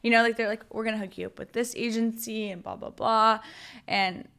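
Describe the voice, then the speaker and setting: This is a woman from Oregon, a guest on a podcast, telling stories from her past. Her voice sits a little high and her delivery is animated and full of swearing. She fills almost every sentence with "like". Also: brisk, clean tone. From Oregon, USA. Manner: animated, profane, heavy use of "like". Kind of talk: casual storytelling.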